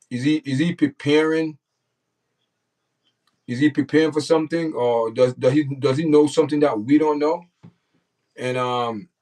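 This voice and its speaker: A man's voice: fairly high pitch, far from the mic, poor audio. A man hosting a casual livestream, talking straight to his chat and repeating himself. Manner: repetitive, talks straight to the chat. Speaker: livestream host.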